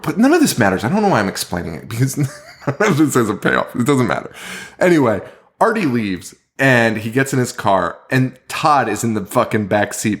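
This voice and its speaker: A man's voice: fairly low pitch, fairly bright tone. A young man co-hosting a podcast, recapping a horror movie in casual talk, swearing a lot and laughing often. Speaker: podcast co-host.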